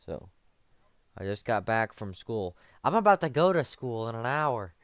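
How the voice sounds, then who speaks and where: A man's voice: medium pitch, big pitch swings, moderate pace, no room sound, clean studio sound. A young man streaming early in the morning, tired with a morning voice, rambling and correcting himself as he tells a story. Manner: rambling, self-correcting, sleepy.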